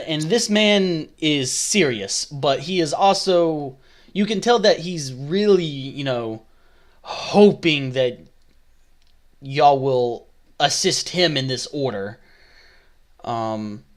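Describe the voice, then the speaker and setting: A man narrating as dungeon master in a halting, hesitant way. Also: medium pitch. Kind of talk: narrating a tabletop game.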